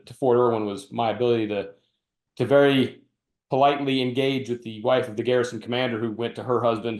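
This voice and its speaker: A man hosting a casual podcast conversation, a retired army officer telling animated anecdotes and acting out quotes as he goes. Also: medium pitch. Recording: roomy echo.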